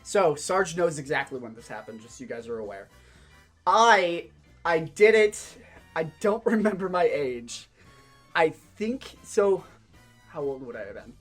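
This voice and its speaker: A man's voice: a little high, big pitch swings, a little slow, a bit bright, faint music behind. A young man hosting a game show among friends on a voice call, rambling through a story and laughing as he talks. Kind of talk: casual chat, telling a story.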